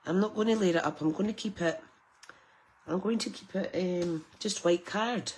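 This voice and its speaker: Chatting and laughing through a live card-making stream, the middle-aged UK woman has a lowish, slightly mellow voice at a moderate pace. A faint hiss or hum sits in the recording.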